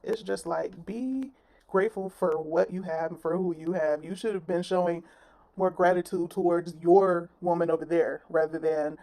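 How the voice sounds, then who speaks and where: A woman's voice: fairly low pitch, normal speed, vocal fry, a little mellow. A woman giving blunt, sassy reaction commentary on a clip, with plenty of slang. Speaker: commentary vlogger.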